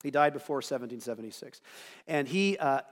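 A man's voice: medium pitch, a little fast. Man preaching in an echoing hall. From United States. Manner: animated, conversational preaching with rhetorical asides. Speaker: pastor. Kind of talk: sermon.

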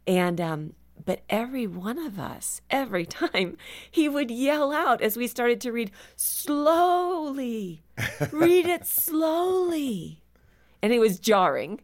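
A woman guest on a Christian radio talk show, speaking earnestly and animatedly about reading scripture slowly. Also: a little high, animated. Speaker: guest author. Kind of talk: casual radio conversation.

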